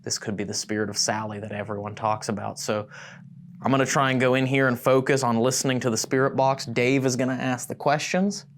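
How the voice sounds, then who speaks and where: A man hosting a paranormal investigation, narrating and calling out slow, pointed questions to spirits inside an old house at night. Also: medium pitch, steady tone, a little hiss or hum. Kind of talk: ghost-hunting vlog narration and calling out.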